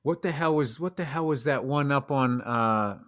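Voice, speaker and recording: A man hosting a podcast, telling stories in profane, animated casual chat. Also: mid-range voice, moderate pace. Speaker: podcast host.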